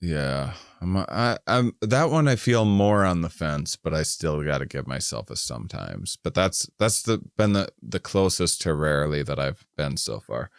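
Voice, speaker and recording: A man's voice: a bass voice, big pitch swings, normal speed, gravelly, few pauses, clear, resonant tone, no room sound, studio quality. A middle-aged man co-hosting a casual podcast, rambling and self-deprecating as he reads survey questions aloud. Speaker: podcast co-host.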